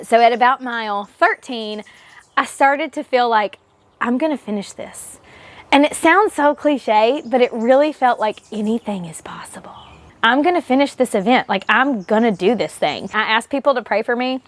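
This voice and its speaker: A woman's voice: fairly high pitch, expressive, moderate pace. A young woman vlogger recounting her race day in a chatty, enthusiastic way that turns emotional. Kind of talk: casual race recap.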